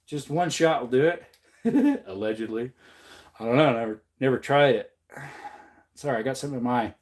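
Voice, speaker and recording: A man's voice: expressive, brisk, darkish tone. A man hosting a livestream, casually reading out and answering viewer comments with frequent laughs and jokes. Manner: laughs often, jokey, repeats "man" and "allegedly"; puts on a higher voice when quoting people. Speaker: livestream host.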